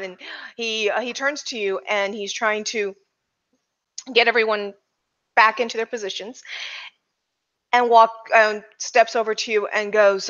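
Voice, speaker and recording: A woman running a tabletop role-playing game as game master, narrating in a relaxed way with many fillers. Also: mid-range voice, measured pace, long pauses, highs cut off.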